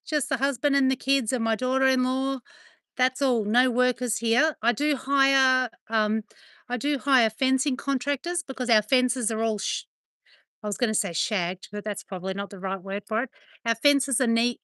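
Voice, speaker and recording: A woman's voice: high voice, moderate pace, a bit bright, dry recording. A middle-aged woman with an Australian accent, chatting casually with viewers and cooing affectionately at her dogs. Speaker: livestream host. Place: home with dogs, indoors.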